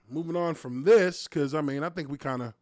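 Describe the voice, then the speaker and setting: A man's voice: on the high side, unhurried, gravelly, darkish tone, no echo, clean studio sound. Profane, laughing former lineman telling stories. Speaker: podcast host, former offensive lineman. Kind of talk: casual live-stream talk.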